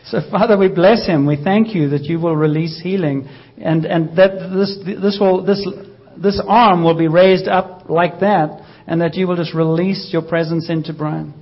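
A man leading a casual church healing session, gently coaxing and joking with the congregation. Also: fairly high pitch, fairly even intonation, normal speed, hardly any pauses, muffled recording. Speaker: pastor leading healing prayer.

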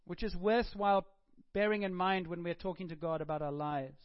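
A man preaching a sermon, dropping to a hush and then rising to emphatic, acted-out quotes. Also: high-pitched, little pitch movement, fairly quick, few pauses, no echo. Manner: swings between hushed and emphatic, acts out quotes. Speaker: pastor. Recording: muffled dull recording.

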